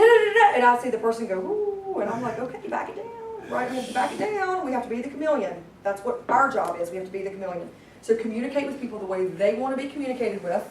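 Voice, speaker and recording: A woman leading a live sales training class, energetic and constantly quizzing her audience. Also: medium pitch, a little hiss or hum. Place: meeting room with a group. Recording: echoey room, distant mic.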